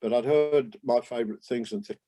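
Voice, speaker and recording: An older man, a jazz trumpeter, reminiscing in a relaxed interview, rambling with many restarts and asides. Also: mid-range voice, fairly quick. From England.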